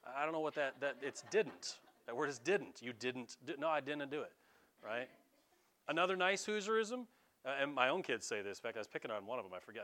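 A man's voice: a little high, lively intonation, fast talker, a bit bright. An American man preaching a sermon in a casual, conversational way, now and then mimicking regional accents. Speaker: pastor.

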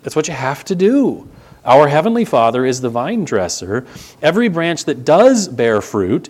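A man preaching a sermon, animated and conversational, with asides to the congregation. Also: mid-range voice, measured pace. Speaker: pastor.

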